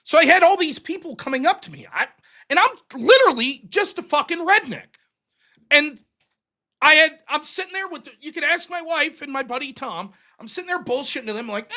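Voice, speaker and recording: Male American streamer, casual profane monologue, high bright voice. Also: normal speed. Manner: profane, animated storytelling. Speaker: streamer and show host.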